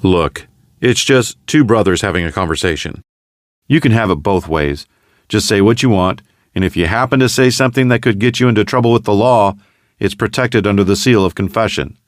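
A man voicing a calm, gentle priest who speaks softly and patiently, in a storybook reading. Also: on the low side, a little fast, dry recording, clean studio sound, close to an everyday voice. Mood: coaxing. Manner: soft and calm.

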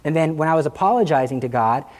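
A man in his thirties, a Catholic speaker, telling a personal faith story in an informal talk, lively and acting out voices. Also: a little high, fast. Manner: animated, acts out quotes, laughs at himself. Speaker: Catholic speaker giving a testimony.

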